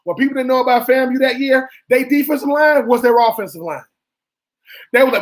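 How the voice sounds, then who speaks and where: A man's voice: very high voice, a little fast. A man co-hosting a sports radio show, a former college football player making his case with emphatic, repeated points.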